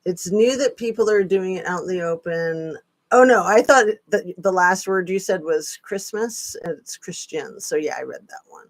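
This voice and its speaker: A woman's voice: fairly low pitch, moderate pace, no room sound. A woman hosting a casual live-stream chat, chatty with sarcastic asides. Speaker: channel host.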